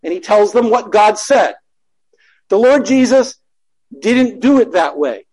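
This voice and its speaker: A man's voice: sits high, lively intonation, measured pace, darkish tone, breathy edge, low-quality recording. A man teaching a Bible study in a conversational way, reading scripture aloud and correcting himself as he goes.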